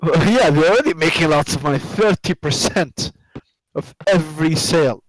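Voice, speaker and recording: A man developer chatting casually while coding, halting and repeating words, muttering to himself at times. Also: a little high, animated, no echo, rough recording. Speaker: game developer streaming.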